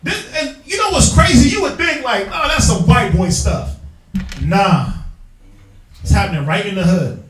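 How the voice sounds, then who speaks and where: A man teaching from the Bible in an emphatic, slangy street style, prodding his reader with quick call-and-response. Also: high voice, expressive. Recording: echoey room, distant mic, faint music.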